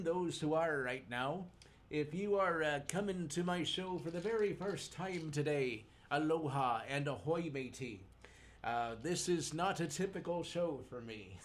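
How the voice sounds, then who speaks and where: A man hosting a live community radio show, chatting casually and joking in playful pirate lingo from a station studio. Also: on the high side. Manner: jokey, chuckles at his own puns, slips into pirate lingo.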